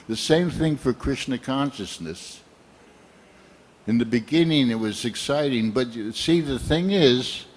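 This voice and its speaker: Older man giving a slow sermon. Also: medium pitch. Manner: slow, reflective storytelling. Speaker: speaker at a temple program.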